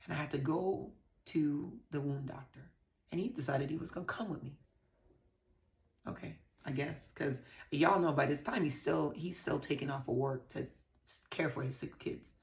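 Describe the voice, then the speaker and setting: A woman's voice: sits low, moderate pace, creaky, a little mellow, roomy sound. A woman from the Virgin Islands speaking frankly and profanely to her viewers while telling a personal story. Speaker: vlogger. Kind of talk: candid personal storytelling to camera.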